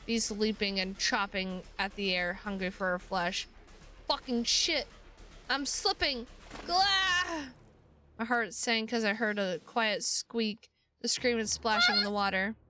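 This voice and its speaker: A woman's voice: medium pitch, bright, forceful tone, a little hiss or hum. A woman streamer reading a visual novel aloud, breaking off into casual, sweary asides.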